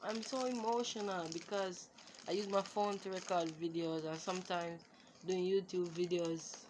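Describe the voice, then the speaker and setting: A woman, unboxing gifts in a casual vlog, excitable and exclaiming, recorded on a phone. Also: fairly low pitch, normal speed. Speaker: vlogger. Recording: phone recording with clear background noise.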